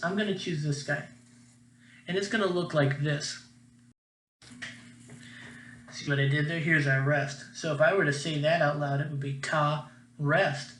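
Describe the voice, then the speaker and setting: A man's voice: fairly high pitch, a bit bright, reverberant, slight background noise. A man teaching a children's music lesson in a friendly, upbeat way, chanting rhythm syllables.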